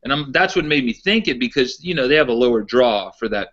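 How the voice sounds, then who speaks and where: A man's voice: medium pitch, expressive, brisk, a bit bright. A man co-hosting a wrestling podcast in casual chat, a rambling storyteller who repeats his words. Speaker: podcast co-host. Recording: dull lo-fi podcast audio.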